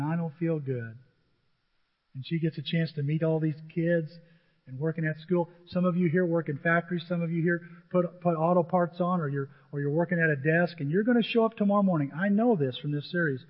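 A man's voice: fairly high pitch, brisk. A man preaching a sermon as pastor, telling stories from his working life and acting out quotes. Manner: conversational storytelling with acted quotes. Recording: dull sound with long hall reverb.

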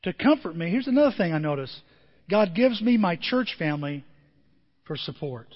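A man pastor preaching a sermon with emotion, his voice moving from quiet and tender to loud and emphatic. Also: high voice, very animated, moderate pace, in a large hall, lo-fi sound. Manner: emotional, swings from soft to emphatic.

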